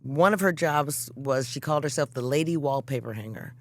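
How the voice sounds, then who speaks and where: A woman's voice: very deep voice, brisk. A woman songwriter, a guest, telling stories in casual chat and swearing freely. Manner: animated, acts out quotes in voices, swears freely.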